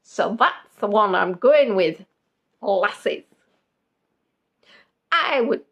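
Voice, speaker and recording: A woman's voice: medium pitch, lively intonation, drawn-out words, creaky, fairly bright tone. A woman hosting a live-stream quiz in a casual chat, giggly and jokey with rambling asides. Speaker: quiz host.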